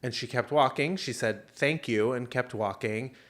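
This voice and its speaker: A man's voice: mid-range voice, normal speed. Chatty man telling a story. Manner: animated storyteller, many fillers and self-interruptions. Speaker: podcast co-host. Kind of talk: casual chat.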